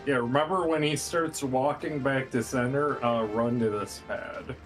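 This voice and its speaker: A man chatting with friends during an online game, speaking in a halting way with many restarts. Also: mid-range voice, fairly even intonation, low-quality recording. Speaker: fellow player. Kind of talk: casual gaming chat. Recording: faint game music behind.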